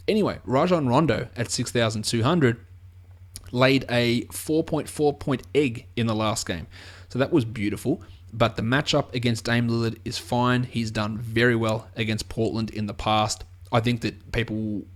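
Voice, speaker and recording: A man's voice: mid-range voice, fairly even intonation, normal speed. Australian man breaking down fantasy picks. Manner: conversational, restarts and repeats words. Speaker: fantasy basketball analyst. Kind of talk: casual solo sports analysis.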